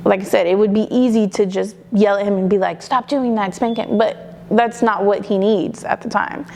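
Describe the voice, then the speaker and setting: With a mid-range, slightly mellow voice, fairly even intonation, and vocal fry, the young woman talks at a moderate pace. She's a mother being interviewed casually, candid and chatty with lots of "like" and "you know," amid slight background noise.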